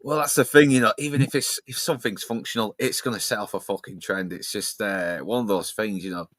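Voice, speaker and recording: A man's voice: fairly low pitch, fairly even intonation, a little fast, fairly bright tone, no room sound, clean studio sound. A man hosting a casual podcast discussion, laid-back and sweary, with plenty of fillers. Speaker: podcast host.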